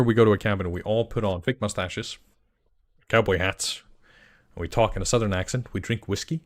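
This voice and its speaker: A young man from Iceland chats casually on a stream in a lowish voice. He rambles and gets excitable, tripping over his words and restarting sentences as he goes. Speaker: game master and channel creator. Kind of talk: casual livestream chat answering questions.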